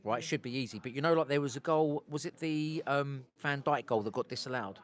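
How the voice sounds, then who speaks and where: A man's voice: medium pitch, fairly quick. A man from England hosting a casual outdoor live stream, rambling and breaking off to talk to his viewers. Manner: rambling, self-interrupting, talks to viewers. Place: outdoors on a street.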